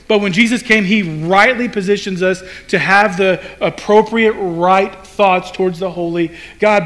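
Guy preaching a sermon, really high voice, chatty, keeps asking the room questions. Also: fairly bright tone. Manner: conversational, asks rhetorical questions, acts out quotes. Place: room with a congregation.

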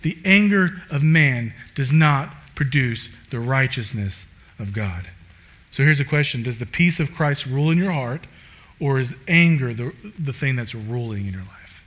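A man preaching a sermon in a casual, conversational way, full of "like" fillers, swinging from loud emphatic bursts to low quiet asides. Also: unhurried. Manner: animated, rising loud and emphatic then dropping low.

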